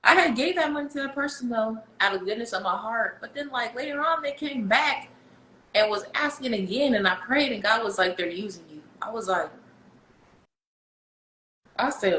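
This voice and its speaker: A woman's voice: on the high side, normal speed, reverberant, a little hiss or hum, low-quality recording. A woman chatting casually about faith on a podcast, acting out her prayers as she tells her stories. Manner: animated storytelling, acts out her prayers.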